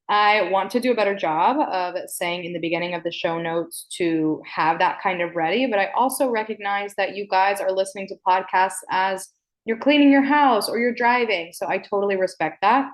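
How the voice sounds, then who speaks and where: A woman of medium pitch hosts a self-help podcast, talking slowly and with deliberate emphasis. She keeps things frank and playful, swears in a casual way, and frequently checks in by saying "okay?"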